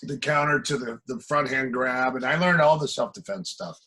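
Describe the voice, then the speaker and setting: A middle-aged Midwestern man, a martial arts coach, guests on a podcast and tells casual stories, acting out the quoted exchanges. His voice sits at medium pitch with a bright, forceful tone and moderate pace. The recording quality is low.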